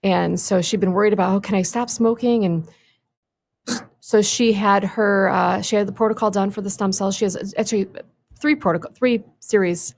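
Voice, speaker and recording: A woman's voice: medium pitch, fairly even intonation, normal speed. Woman telling a patient story on radio. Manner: friendly, anecdotal, with small restarts. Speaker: stem cell clinic guest. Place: radio studio. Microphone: studio microphone.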